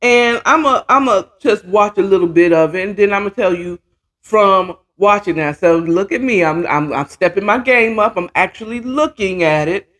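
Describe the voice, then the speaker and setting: A woman's voice: mid-range voice, normal speed, a bit bright. A woman hosting a casual commentary chat from home, opinionated and rambling, with restarts and asides. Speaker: host. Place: home, at a computer.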